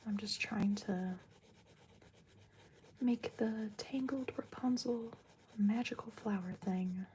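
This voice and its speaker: A woman hosting a livestream, chatting casually in a soft whisper while she colors, leaning close to the microphone. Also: medium pitch, takes it slowly, a little hiss or hum. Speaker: livestream host. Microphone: close, leaning right over the microphone.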